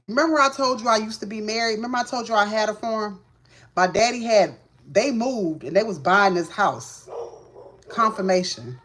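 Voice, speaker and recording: A woman's voice: mid-range voice, fairly bright tone. A woman, hosting a casual livestream and telling a heated, profane story straight to her viewers. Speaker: livestream host, tarot reader.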